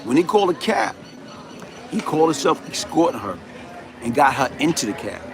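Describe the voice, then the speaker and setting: A man's voice: a little high, big pitch swings, normal speed, crowd noise. A middle-aged man, telling a personal story on a live stream in emphatic street slang. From New York City. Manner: emphatic street-slang storytelling, repeats "you know what I'm saying". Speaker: livestream host.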